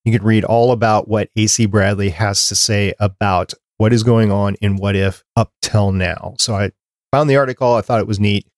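A man's voice: fairly low pitch, fairly even intonation, moderate pace, no room sound. Chatty male podcast host, dry close mic. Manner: chatty, reads listener feedback aloud. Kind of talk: casual podcast chat.

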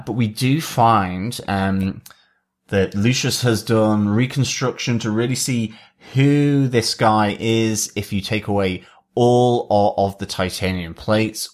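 A man co-hosting a podcast, speaking in a measured, thoughtful way with many fillers. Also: on the low side. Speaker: podcast co-host. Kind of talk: casual podcast chat.

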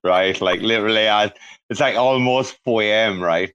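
A man chatting as a guest on a podcast, rambling with lots of restarts and growing excitement. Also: lowish voice, normal speed, smooth, dull audio. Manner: rambling and enthusiastic, many restarts. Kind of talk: casual podcast chat.

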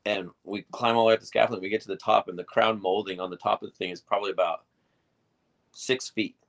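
A man's voice: on the low side, fast, gravelly. A man in his thirties telling wild stories in casual chat, swearing freely and acting out what people said. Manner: swearing, animated retelling with acted-out quotes. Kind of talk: casual storytelling.

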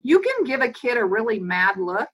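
A woman speaking as a guest psychologist on a podcast interview, explaining in an animated, flowing way and acting out quoted voices. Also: on the high side, moderate pace, slightly rough, poor audio.

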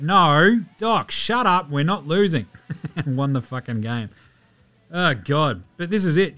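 A man with an Australian accent hosting a casual basketball recap podcast, sweary and excitable, mocking players in silly voices. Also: mid-range voice. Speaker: podcast host.

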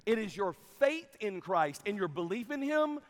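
Animated high-voiced male preacher. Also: moderate pace. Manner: animated storytelling, acting out dialogue. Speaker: camp preacher. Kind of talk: sermon. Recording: long hall reverb.

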